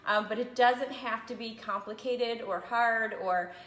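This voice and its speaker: A woman's voice: fairly high pitch, steady tone, a little slow, a bit bright. A woman selling essential oils in a casual live video from her home, chatty and a little out of breath after a run, often checking in with "okay?" and "right?". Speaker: essential oil seller. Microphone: phone. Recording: echoey room.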